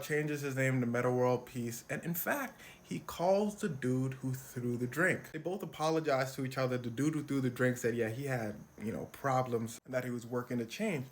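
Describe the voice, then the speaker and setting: A woman telling a comic story in a slangy, animated way, acting out quoted lines in funny voices. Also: rumbling low. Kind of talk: comic storytelling retelling a sports brawl.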